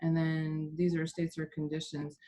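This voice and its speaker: A woman's voice: low-pitched, monotone, moderate pace, dark tone, soft background music. A woman teaching a Spanish class, patiently explaining grammar step by step.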